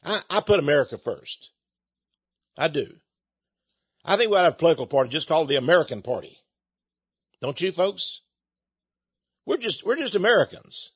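A man's voice: a little high, big pitch swings, a little fast, pauses often, slightly rough, dry recording. A man, talking to his listeners in a folksy, meandering monologue. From Texas. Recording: dull, lo-fi dry recording.

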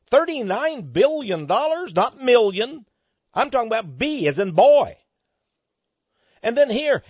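A high-voiced man offers emphatic, preaching-style news commentary, posing rhetorical questions and swinging between loud and soft. The recording is dry, dull and lo-fi, with no room sound.

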